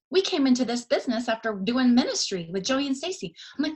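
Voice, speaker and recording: A woman's voice: high voice, big pitch swings, brisk, hardly any pauses, a bit bright. A woman giving a fervent, preachy motivational pep talk and repeating her key phrases. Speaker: motivational speaker.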